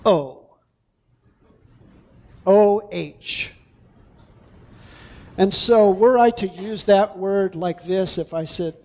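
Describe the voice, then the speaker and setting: A male pastor preaching a sermon, deliberate and emphatic, drawing out key words. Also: high-pitched, a little mellow.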